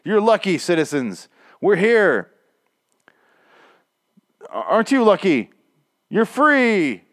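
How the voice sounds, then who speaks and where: A man's voice: high-pitched, wildly swooping pitch, slow, pitched above the performer's own voice, exaggerated voice. A man putting on a pompous cheery horseman. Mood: smug. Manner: self-important, mock-heroic. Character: pompous cheery male road-guard horseman. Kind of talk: comic impression in a recap.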